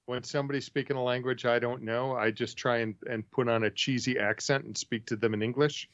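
A man's voice: medium pitch, fairly even intonation, brisk, a bit bright, no room sound. A man in casual chat who jokes dryly and slips into mock voices. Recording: dry, dull lo-fi sound.

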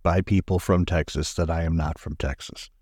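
A man's voice: deep voice, fairly even intonation, moderate pace, a little mellow, breathy edge, dry recording, clean studio sound. A man in casual podcast chat, joking and laughing often.

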